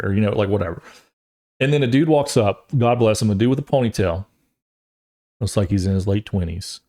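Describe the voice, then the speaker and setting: A man's voice: medium pitch, quick pace, darkish tone. A man in his thirties, a podcast host, telling a long rambling story in a casual way and acting out the voices of other people as he goes.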